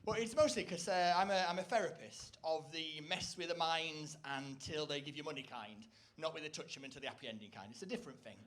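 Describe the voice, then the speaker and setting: A man performing a rambling, self-deprecating stand-up comedy set on stage, breaking into loud, shrill impressions. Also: brisk, few pauses, a little hiss or hum. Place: stage before a live audience.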